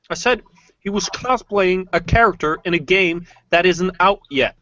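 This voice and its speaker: A man's voice: high-pitched, moderate pace, bright, forceful tone, dry recording, muffled recording. A man from Norway chatting casually with friends in a live group hangout, stammering, restarting and swearing often.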